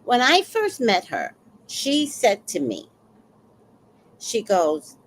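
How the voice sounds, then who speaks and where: A woman hosting a casual livestream, reading out the chat and telling stories with emotional, animated delivery. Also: high voice, slow pace, a little hiss or hum. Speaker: livestream host.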